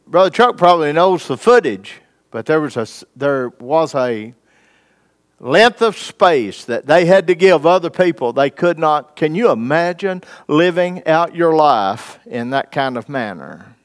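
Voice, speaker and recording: A man preaches a sermon in a folksy style, reading scripture, questioning his congregation and using dramatic pauses. His voice is on the high side, clean, with lively intonation.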